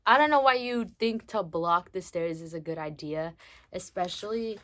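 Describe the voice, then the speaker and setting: With a lowish, fairly bright voice, a teen girl casually recounts a story on her vlog, talking in a drawn-out, slang-heavy, chatty style.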